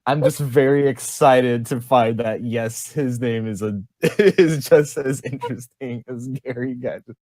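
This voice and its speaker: A woman's voice: very deep voice, unhurried, few pauses, dark tone, no echo. A young woman playing in a tabletop game, casual and jokey, laughing easily. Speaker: player.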